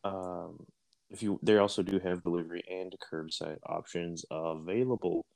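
A man's voice: low-pitched, steady tone, normal speed, gravelly, a little mellow. A man, co-hosting a radio show and reading a sponsor ad in a laid-back way. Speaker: radio co-host. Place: radio studio.

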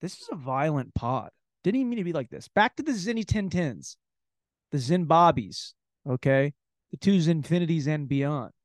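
A man hosting a solo comedy podcast, telling crude, rambling stories in an animated way. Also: on the high side, moderate pace, dry recording, studio quality. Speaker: podcast host.

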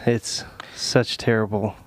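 A man's voice: lowish voice, level tone, slow pace, no echo. Joking, rambling male podcast co-host. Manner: joking, sarcastic storytelling; rambling with many fillers. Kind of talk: casual chat.

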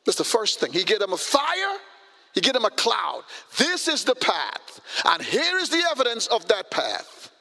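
A male pastor preaching a sermon in an animated, conversational way with vivid everyday scenarios, in a church sanctuary. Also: high voice, normal speed, vocal fry, big-room sound.

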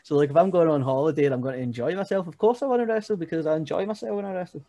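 A man's voice: on the high side, rapid-fire, warm tone, no room sound, lo-fi sound. Brief: young Scottish guy, chatty guest storyteller, laughs a lot, dry close sound. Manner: rambling, laughing, keeps saying "you know what I mean". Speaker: guest, pro wrestler. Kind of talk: casual podcast chat.

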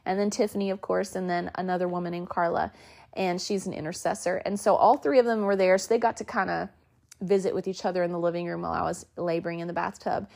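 Woman in her 30s chatting on her podcast, lively storyteller, voices the people she quotes. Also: fairly low pitch, fast, vocal fry. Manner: animated, acts out quotes in her telling. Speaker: podcast host. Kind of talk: casual storytelling.

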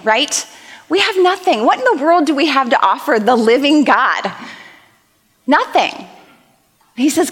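A woman's voice: sits high, lively intonation, a little slow, long pauses, a bit bright, long reverb tail. A young adult woman preaching a sermon in a church, earnest and conversational, reading scripture aloud. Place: church auditorium.

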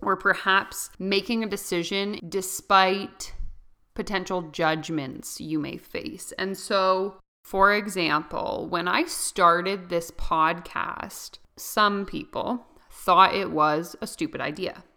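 A woman's voice: fairly low pitch, fairly even intonation, slow pace, pushed and bright. A young woman hosting her own podcast, rambling through unscripted solo talk with frequent laughs. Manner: chatty and rambling, often laughing. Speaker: podcast host.

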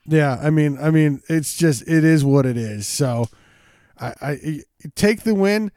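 A man's voice: on the high side, a little slow, darkish tone, dry recording, studio quality. A young man co-hosting a casual sports podcast, jokey and hyped, repeating phrases for effect. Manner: jokey, hype-driven, repeats himself. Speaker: podcast co-host.

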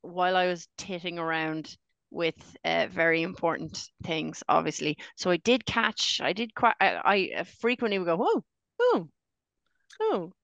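Middle-aged Australian woman, podcast co-host, low gravelly voice, quick jokey asides. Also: fairly bright tone, dry recording. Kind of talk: casual chat.

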